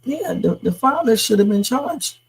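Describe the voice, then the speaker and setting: Streamer hosting a casual news chat live; rough, husky voice, talks loosely to viewers. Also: mid-range voice, very animated, moderate pace, low-quality recording. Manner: chatty, reacts to news and reads viewer comments. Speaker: livestream host. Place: home streaming setup.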